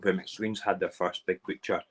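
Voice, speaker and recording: A man's voice: sits low, fairly even intonation, normal speed, fairly bright tone, slightly rough. A man from Edinburgh with a Scottish accent, hosting a casual morning live stream and chatting while he cooks and eats. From Edinburgh, Scotland. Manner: rambling, chatty, talks while cooking and eating.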